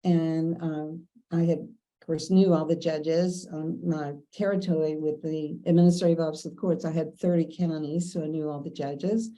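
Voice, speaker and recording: A woman's voice: low voice, fairly even intonation, normal speed, mellow, poor audio. An older woman from Kentucky, telling chatty stories from her working life and acting out the dialogue in them. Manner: chatty, anecdotal, quotes others in dialogue. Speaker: interviewee. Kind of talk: casual storytelling.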